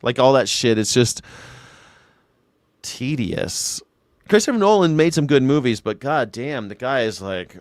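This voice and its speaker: A man's voice: medium pitch, lively intonation, a little slow, pauses often, dry recording, studio quality. A man hosting a livestream, reacting with profane, sarcastic rants. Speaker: livestream host. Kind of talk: casual livestream commentary.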